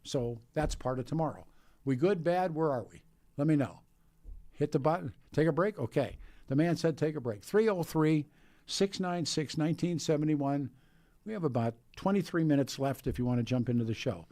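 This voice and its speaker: A man's voice: on the high side, lively intonation, normal speed, warm tone, dry recording. A man hosting a radio talk show, rambling through topics with frequent restarts and asides to callers.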